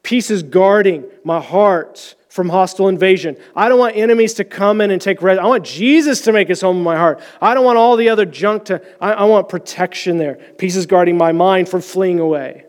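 A man preaching a sermon, animated and storytelling, acting out quotes in sudden higher voices and slowing down gently to pray. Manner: slows down and softens in prayer.

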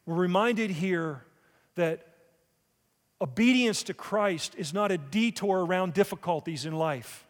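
A man's voice: high voice, measured pace, big-room sound. A man preaching a sermon in church, asking the congregation rhetorical questions. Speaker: pastor.

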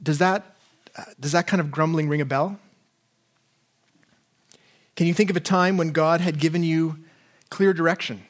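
A man's voice: fairly high pitch, fairly even intonation, normal speed, long pauses. A man preaching a sermon in an earnest way, often repeating words and asking his listeners questions.

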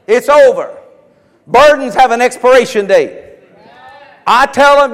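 Fervent high-voiced male preacher. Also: expressive, measured pace, long pauses, a bit bright. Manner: fervent, emphatic, repeats phrases, calls out to listeners. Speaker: pastor. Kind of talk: sermon. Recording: long hall reverb.

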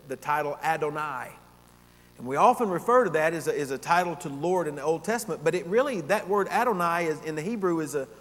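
A man preaches an expository sermon in a fairly high voice, teaching earnestly and building emphasis on his key points. His words ring out with a long reverb, as in a large church sanctuary. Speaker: pastor.

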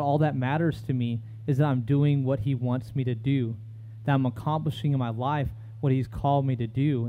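A man's voice: mid-range voice, phone-quality sound, slight background noise. A man preaching a sermon in a conversational way, reading scripture aloud between his own remarks.

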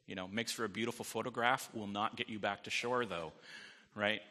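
A man's voice: lowish voice, fairly even intonation, a little fast, bright, forceful tone, in a large hall. A man preaching a sermon as pastor, in a conversational way, often asking "right?" and adding light jokes.

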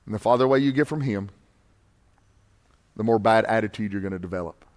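A man's voice: lowish voice, quick pace, darkish tone. A man preaching a sermon, building his points through repeated refrains. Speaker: pastor.

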